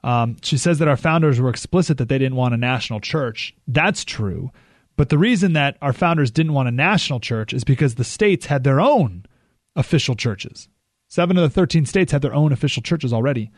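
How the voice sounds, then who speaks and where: A man's voice: mid-range voice, expressive, fairly quick, no echo. A man hosting a call-in radio talk show, talking casually with frequent restarts and dry sarcasm. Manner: conversational, restarts often, joking sarcasm. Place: radio studio.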